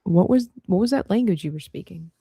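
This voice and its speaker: A woman's voice: lowish voice, expressive, brisk, creaky, mellow, slightly rough, dry recording, clean studio sound. A woman hosting a live drawing stream, chatting playfully and thinking aloud as she works. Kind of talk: casual chat while drawing.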